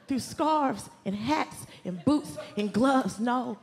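High-voiced woman doing stand-up. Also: unhurried, creaky, heavy background noise. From Southern US, Atlanta. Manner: animated, exasperated, shouting punchlines and mimicking voices. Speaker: stand-up comedian. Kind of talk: stand-up comedy. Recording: club stage mic with loud crowd laughter. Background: audience laughter and ambience.

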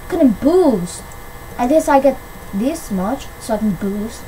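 Excitable young-sounding woman gaming. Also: fairly high pitch, takes it slowly, a little hiss or hum, low-quality recording. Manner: excitable, shrieks when winning. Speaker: gamer. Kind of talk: gameplay commentary. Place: at home on a PC.

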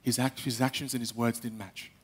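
A young man giving a live talk on stage, animated, acting out little quotes and speaking straight to the audience. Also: medium pitch, fairly quick, breathy edge. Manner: animated, acts out quotes, addresses the audience directly.

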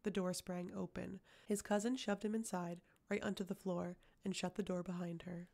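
A woman reading a fantasy novel aloud as an audiobook, with steady, even storytelling. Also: on the low side, moderate pace, gravelly. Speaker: audiobook reader. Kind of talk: audiobook narration.

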